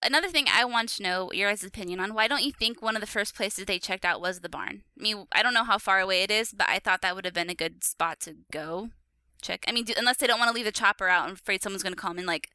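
Bright-voiced woman podcast host. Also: mid-range voice, quick pace, smooth, no room sound. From Seattle area. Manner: laughs often, upbeat. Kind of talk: casual chat.

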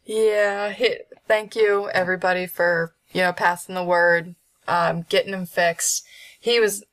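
A woman's voice: fairly low pitch, steady tone, a little slow, a bit bright. A woman guest voice actor chatting casually in an interview, hesitant and full of fillers and restarts. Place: at home with a dog.

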